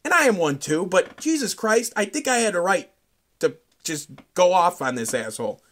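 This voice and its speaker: High-voiced man ranting on his podcast. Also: lively intonation, moderate pace. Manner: profane, rambling storytelling that climbs into loud outbursts. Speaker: podcast host. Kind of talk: solo podcast rant.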